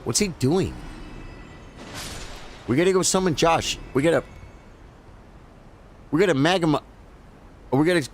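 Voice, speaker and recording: A man's voice: on the high side, measured pace, pauses often. A man giving casual live commentary as he plays a video game, talking to his viewers as bro and folks. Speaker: gaming streamer.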